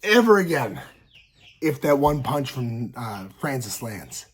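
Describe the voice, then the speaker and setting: A man's voice: medium pitch, a little slow, a little mellow, slightly rough. A man giving rambling, worked-up reaction commentary on a fight, talking casually to his viewers with frequent restarts. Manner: rambling, repeats words, gets worked up.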